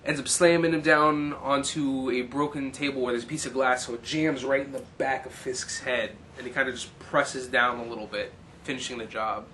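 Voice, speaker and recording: Man with a bright, forward tone for a loose, rambling plot recap, with faint hiss behind him. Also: medium pitch, fairly even intonation, normal speed, hardly any pauses. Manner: rambling, many fillers, briefly mimics characters' lines. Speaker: film recapper. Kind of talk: casual movie plot recap.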